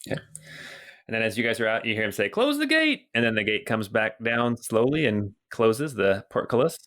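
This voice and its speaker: A man narrating as game master of a tabletop game, relaxed and rambling with many ums. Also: fairly low pitch, moderate pace.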